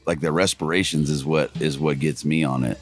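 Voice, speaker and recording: A man chatting casually, an excitable storyteller who laughs often. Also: very deep voice, fairly quick. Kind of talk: casual hunting chat.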